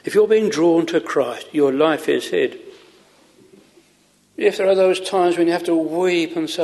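A man preaching a sermon from the pulpit, slow and earnest, stretching out words for emphasis. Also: fairly high pitch, a little mellow, big-room sound. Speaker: pastor. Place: chapel.

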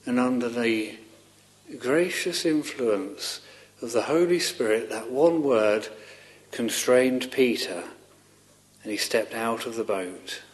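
A man preaching a sermon in an earnest, halting way, often repeating words as he restarts, rising fervently on pleading questions. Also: medium pitch.

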